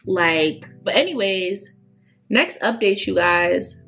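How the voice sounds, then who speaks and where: Young woman vlogger, early 20s, casual emphatic chat, mid pitch, soft guitar music behind. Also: lively intonation, slow, vocal fry. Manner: chatty, emphatic, lots of fillers. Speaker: beauty vlogger.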